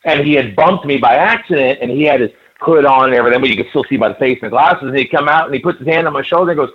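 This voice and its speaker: A man in his fifties rambles through anecdotes with frequent stammers in a relaxed interview chat. His voice sits at an ordinary middle pitch. The recording is dull and lo-fi. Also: racing, husky. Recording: dull lo-fi audio.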